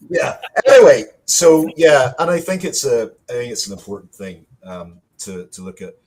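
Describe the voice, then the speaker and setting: A man's voice: medium pitch, sing-song, normal speed, background noise. A man producing an audio drama, chatting casually and rambling, stopping often with fillers and restarts. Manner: rambling, hesitant, with many fillers. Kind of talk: casual live-stream chat.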